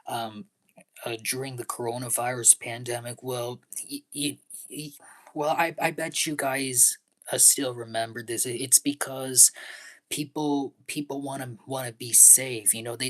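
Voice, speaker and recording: Slow, stammering young man vlogging. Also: medium pitch, fairly bright tone. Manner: halting, stammers and repeats words often; earnest and pleading, drops to breathy half-whispers. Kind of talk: casual live vlog monologue.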